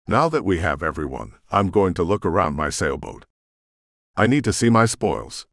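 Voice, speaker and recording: A man's voice: deep voice, big pitch swings, moderate pace, creaky, fairly bright tone, no room sound, studio quality, full character voice. A man voicing a charming male pirate leader who issues polite threats. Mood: menacing, polite.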